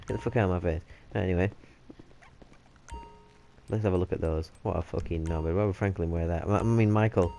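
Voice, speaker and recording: A man's voice: deep voice, steady tone, brisk, gravelly, pauses often, warm tone. A man, swearing and joking constantly while commentating on his gameplay. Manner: sweary, joking, laughs often. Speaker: gaming channel host.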